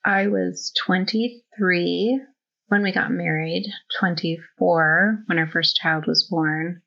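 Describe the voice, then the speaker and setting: A woman in her thirties, a podcast guest, answering in a slow, hesitant, thoughtful way. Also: lowish voice. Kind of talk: conversational interview. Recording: dull lo-fi audio.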